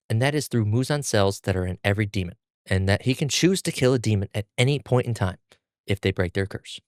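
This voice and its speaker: A man's voice: fairly low pitch, no echo, studio quality. A man hosting a podcast, recapping and discussing a manga with enthusiasm. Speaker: podcast host. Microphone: mic on stand.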